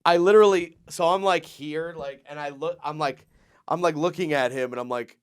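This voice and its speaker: Guy on a podcast telling a story, kinda high voice, doing all the voices, gets really animated. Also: moderate pace, clean tone. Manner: animated storytelling, acts out the people he quotes. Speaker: podcast co-host. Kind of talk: casual comedic chat.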